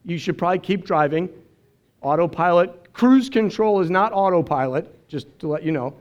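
Male pastor, earnest sermon, high voice, dull lo-fi recording. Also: lively intonation, moderate pace. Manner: emotional, earnest preaching with quoted dialogue.

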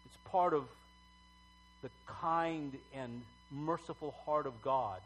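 A middle-aged man preaching a sermon as pastor, talking conversationally with halting fillers and emphatic swells. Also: on the high side, a bit bright, slightly rough, rough recording.

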